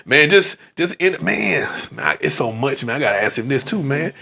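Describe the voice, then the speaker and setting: Bright, upbeat man with slangy chatter. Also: medium pitch, moderate pace. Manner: slangy, says "man" often; animated storytelling. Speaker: podcast host. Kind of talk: casual chat.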